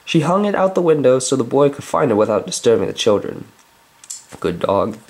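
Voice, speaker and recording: Sex: man. Role: reader. Style: casual storybook read-aloud with chatty, joking asides. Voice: lively pitch. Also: fairly quick.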